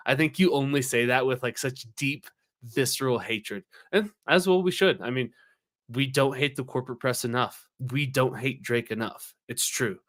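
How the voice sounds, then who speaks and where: A man's voice: medium pitch, moderate pace, a bit bright. A man co-hosting a podcast in casual banter, rambling and emphatic, swearing often. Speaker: podcast co-host.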